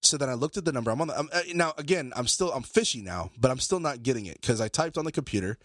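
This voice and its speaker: A man, a podcast co-host, telling a story in casual talk, animated and swearing, acting out both sides of phone calls. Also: mid-range voice, fast, no echo, studio quality.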